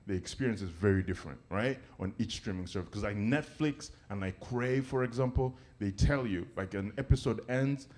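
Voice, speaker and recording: A man performing a stand-up comedy set, animated and conversational, often checking in with the crowd. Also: lowish voice, fairly quick, hardly any pauses. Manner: animated, conversational, keeps asking "right?" and "okay?".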